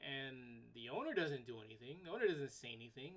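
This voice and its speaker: A woman's voice: very deep voice, sing-song, a little fast. A woman hosting a solo podcast, ranting bluntly, swearing casually and repeating herself when worked up. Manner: repeats words and restarts sentences when worked up. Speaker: podcast host.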